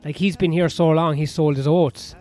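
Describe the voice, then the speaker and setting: Hosting his own podcast from a sauna-area home in west London, a man from Ireland delivers a rambling, crude, sardonic monologue packed with swearing. He speaks at normal speed in a slightly high, steady voice, over soft piano music.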